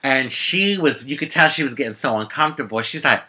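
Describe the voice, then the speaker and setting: Sassy, bright-voiced woman telling a story. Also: extremely low pitch, a little fast, breathy edge. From United States. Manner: sassy, animated storytelling with sharp comebacks. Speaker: vlogger. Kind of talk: casual storytelling to camera.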